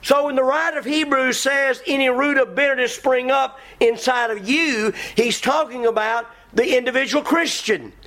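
A man's voice: very high voice, normal speed, hardly any pauses. A middle-aged man preaching a sermon in a folksy, emphatic way, quoting scripture and acting out his listeners. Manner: folksy, emphatic, mimics congregants with shouts.

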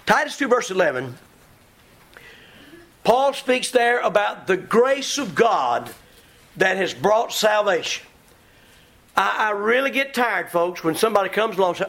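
A middle-aged man preaching a sermon in a folksy, emphatic way, quoting scripture and acting out his listeners. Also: high-pitched. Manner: folksy, emphatic, mimics congregants with shouts.

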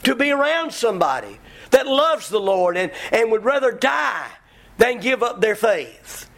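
A man's voice: very high-pitched, very animated, measured pace, vocal fry. A middle-aged man preaching a sermon in a folksy, emphatic way, quoting scripture and acting out his listeners. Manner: folksy, emphatic, mimics congregants with shouts.

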